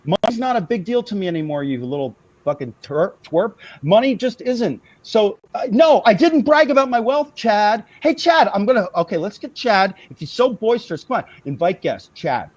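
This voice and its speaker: A man's voice: high voice, big pitch swings, moderate pace, few pauses, darkish tone, no echo, lo-fi sound. A man hosting a comedy livestream, ranting heatedly and profanely with lots of restarts. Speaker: host. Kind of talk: improvised comedy livestream rant.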